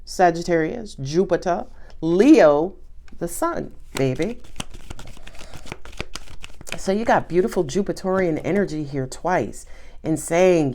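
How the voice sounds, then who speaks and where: A woman reads tarot cards in an easy, conversational way. Her pitch swings widely as she talks, and she slips into bursts of laughter and playful emphasis. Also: a little slow. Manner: animated, chatty, laughs often. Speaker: tarot reader. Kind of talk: casual tarot reading.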